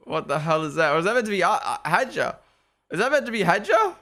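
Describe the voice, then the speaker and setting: A young man live-streaming his reactions to a race broadcast, excitable and quick to repeat himself. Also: high-pitched, over music.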